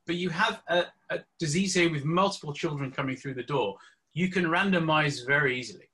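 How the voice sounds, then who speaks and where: A man's voice: fairly high pitch, a little fast, sharp tone. A man, an intensivist, debating emphatically on a video call. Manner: emphatic, argumentative. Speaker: intensivist debating in a conference panel. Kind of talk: conference debate.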